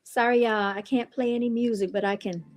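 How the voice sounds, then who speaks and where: A woman's voice: fairly high pitch, steady tone, fairly quick, soft background music. A woman hosting her own livestream channel, talking casually to viewers with chatty, exasperated asides. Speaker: channel host and clothing brand founder.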